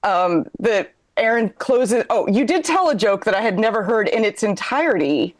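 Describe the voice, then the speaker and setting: A woman's voice: mid-range voice, lively intonation, normal speed. A woman co-host telling a rambling, self-deprecating comedic story, often laughing through her lines.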